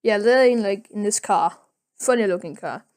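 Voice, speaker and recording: A woman's voice: medium pitch, normal speed, darkish tone. A woman podcast host retelling a comic in a casual, rambling way, with many fillers and self-corrections.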